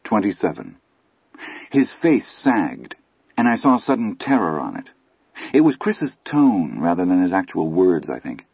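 A man narrates a first-person story in a measured, grave way. His voice is deep and husky, and the slightly muffled recording is dry and close. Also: big pitch swings, darkish tone, dry recording. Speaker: audiobook narrator.

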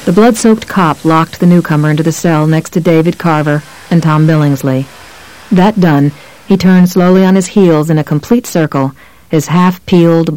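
An audiobook narrator reading a novel in an even, measured way. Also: medium pitch, smooth, no room sound, rough recording. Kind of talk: scripted narration of a horror novel.

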